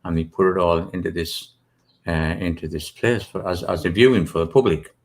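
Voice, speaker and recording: A man's voice: low-pitched, fairly quick. A British man, an author guest, chatting casually in an interview, rambling with many restarts and asides.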